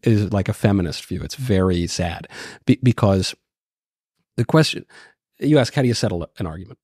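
A man's voice: fairly low pitch, lively intonation, a little mellow, husky, no echo. Wry joking man in a dry studio. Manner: wry, quick to joke. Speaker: podcast guest. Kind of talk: casual podcast conversation.

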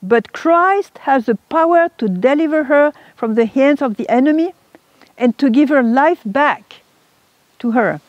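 A woman's voice: mid-range voice, sing-song, a little fast, few pauses, a little mellow, slightly rough, no echo. A woman voicing a fervent woman who proclaims urgently at a prayer meeting. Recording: dull lo-fi recording.

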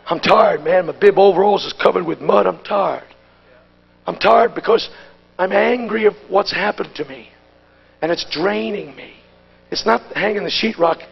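A man preaching a Pentecostal sermon at a conference. He talks in a folksy, plain-spoken way and swings from hushed asides to shouted exhortation. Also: on the high side, normal speed, creaky, breathy edge, dull audio.

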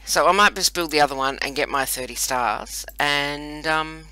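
A woman's voice: low-pitched, normal speed, pushed and bright, clear, resonant tone, dry recording, poor audio. A woman hosting casual gameplay commentary, rambling and chatty with self-mocking asides, recorded on a computer microphone. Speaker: host playing a browser strategy game.

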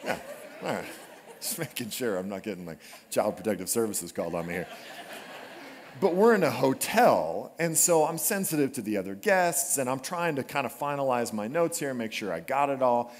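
A man delivering a sermon with the easy humor of a storyteller. His voice sits at a middle pitch, and he slips in funny asides before turning to scripture. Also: sing-song, normal speed. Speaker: pastor. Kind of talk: conversational sermon. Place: church sanctuary.

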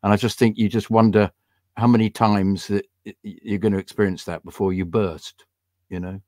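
A man's voice: fairly low pitch, normal speed, dry recording, studio quality. An older man co-hosting a football podcast in casual chat, talking animatedly and acting out his own frustration. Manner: animated, acts out his own angry outbursts. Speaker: podcast co-host.

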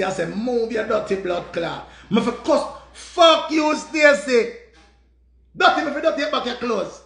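A man with a Jamaican accent telling a story in an animated, profane rant and repeating his phrases. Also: very high voice, gravelly, echoey room. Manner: repetitive, profane, dramatic retelling. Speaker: vlogger.

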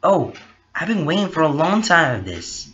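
A man voicing a gentle young prince in a storybook tale, soft and reassuring. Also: fairly high pitch, big pitch swings, normal speed, voice pushed up. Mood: puzzled. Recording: dull lo-fi recording.

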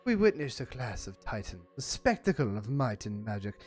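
A man's voice: sing-song, moderate pace, darkish tone, faint music behind. A man voicing a theatrical British fight announcer with a put-on Cockney accent, reading out a battle story in a grandiose way. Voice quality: booming, grandiose, pompous.

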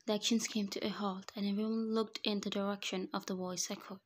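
A woman narrating a first-person fan fiction story in a flat, even reading voice. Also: mid-range voice, brisk.

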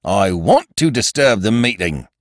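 A man voicing a stolid, severe male village constable who speaks bluntly and gruffly. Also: on the low side, sing-song, measured pace, dry recording, studio quality, pitched above the performer's own voice. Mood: insistent.

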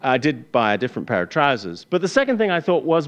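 An English man telling a wry, self-deprecating personal story on stage before a live audience, with halting restarts. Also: medium pitch, big pitch swings, lo-fi sound. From England.

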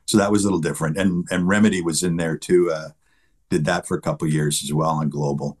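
A man's voice: deep voice, steady tone, fast. A middle-aged man, a guest actor in a casual interview, telling easygoing, chuckling anecdotes.

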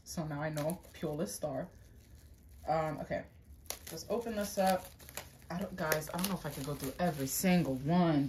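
A young woman vlogging an unboxing in casual chat, excitable, swearing a lot and breaking into gasps and squeals. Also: low voice, slight background noise.

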